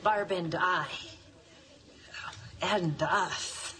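A woman's voice: lowish voice, extremely slow. An actress playing a flustered, awkward woman who stammers, heard in a distant, noisy film clip.

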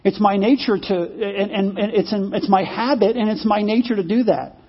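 A smug, gluttonous male cat, put on by a man telling a story shrugs off all blame. His voice is high and husky, repeating the same excuse. The recording is a little muffled. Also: steady tone, normal speed.

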